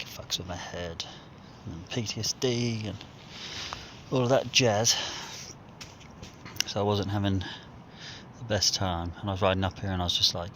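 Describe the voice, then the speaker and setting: A man's voice: on the low side, fairly bright tone, slight background noise, rough recording. A man with a New Zealand accent rambling casually to his phone camera while climbing a mountainside, out of breath and dehydrated, swearing often. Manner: rambling, frustrated, swears a lot. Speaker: hunting vlogger. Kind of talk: casual outdoor vlog. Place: outdoors on a mountainside.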